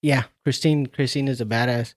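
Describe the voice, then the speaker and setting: A man co-hosting a podcast, retelling movie scenes in a profane, animated casual chat. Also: mid-range voice, normal speed, dry recording, clean studio sound. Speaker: podcast co-host.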